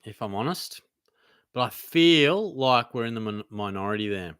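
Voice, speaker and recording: A young Australian man hosts a live Q&A and reads chat questions aloud in loose, easygoing banter full of "mate". His voice is bright and crisp, and the recording sounds dry and close. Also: medium pitch, expressive, normal speed, no room sound. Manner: casual, laid-back banter with frequent mates and fillers. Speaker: host.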